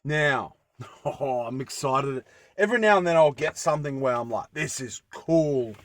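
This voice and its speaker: A man's voice: medium pitch, lively intonation, moderate pace, fairly bright tone, no room sound. Rambling, enthusiastic van-living man. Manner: rambling and enthusiastic, full of fillers. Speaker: vlogger. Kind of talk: casual show-and-tell vlog. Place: inside a van.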